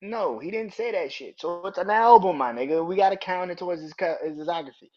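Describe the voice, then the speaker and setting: A man's voice: high-pitched, brisk, highs cut off. Blunt, profane man ranting on a podcast. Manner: blunt and profane, swings into loud incredulous rants. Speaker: podcast host. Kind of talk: casual opinion podcast.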